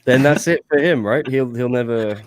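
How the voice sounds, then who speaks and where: Male co-host, mid pitch, dry close sound, laid-back and wry. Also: moderate pace, no echo. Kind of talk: casual sports talk chat.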